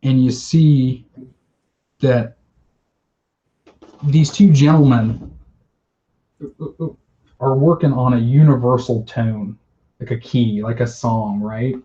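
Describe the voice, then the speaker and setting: Excited man retelling a story, lo-fi. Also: mid-range voice, takes it slowly, long pauses. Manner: enthusiastic, emotional storytelling with swearing. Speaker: podcast co-host. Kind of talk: casual chat.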